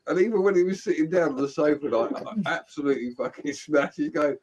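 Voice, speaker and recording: A man's voice: a little high, fairly quick, few pauses, rough recording. A man telling anecdotes in casual chat, laughing and acting out his drunk friends.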